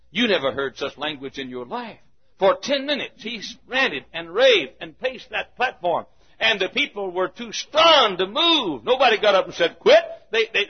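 A man preaching a sermon full of stories, swinging between shouted points and hushed asides, chuckling as he goes. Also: high-pitched, husky. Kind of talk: sermon with storytelling. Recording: dull lo-fi recording.

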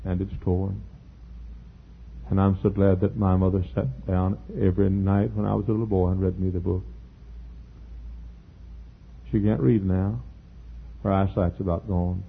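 A man's voice: low-pitched, flat delivery, a little slow, vocal fry, long pauses, breathy edge. An older man preaching a sermon in an earnest, folksy storytelling way. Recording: tinny phone-like sound.

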